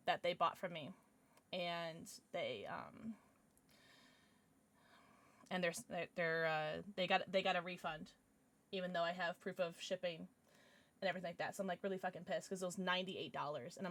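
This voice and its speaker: A woman's voice: lowish voice, fairly bright tone. A woman streamer chatting casually on a livestream, rambling with frequent restarts and plenty of swearing.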